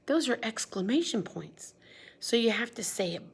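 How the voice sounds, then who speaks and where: During a read-aloud storytime, a woman teacher shares a picture book with young children and keeps asking them questions. She has a husky, somewhat high voice and keeps a measured pace, sounding animated and child-directed.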